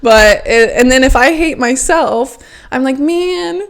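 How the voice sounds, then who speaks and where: Woman podcast host, fairly high voice, blunt and emphatic, casual filler-laden self-help talk. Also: a little slow. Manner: emphatic, frank, filler-heavy with frequent "like".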